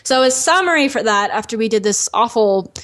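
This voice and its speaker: A woman guest on a podcast talks through a personal story in a candid, unguarded way. Her voice sits a little on the high side, and she leans on "like" as she speaks. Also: expressive, fairly quick, fairly bright tone. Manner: candid, frank, fills speech with "like". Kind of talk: telling a personal story in conversation.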